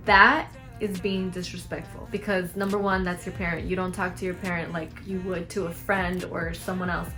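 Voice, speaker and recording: A woman's voice: on the low side, moderate pace, faint music behind. A young woman vlogger talking frankly to camera, giving advice and acting out lines of dialogue. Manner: frank, animated, acts out quoted lines.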